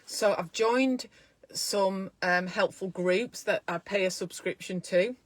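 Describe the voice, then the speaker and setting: A woman's voice: medium pitch, takes it slowly, no echo. A woman who is a midwife, talking casually to camera in a self-care vlog, chatty and encouraging as she thinks aloud from a small room at home.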